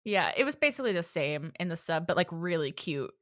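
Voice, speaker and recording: A woman's voice: lowish voice, big pitch swings, normal speed, fairly bright tone. A woman co-hosting a podcast, chatting animatedly about a cartoon and laughing often. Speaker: podcast co-host. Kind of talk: casual chat recapping a cartoon.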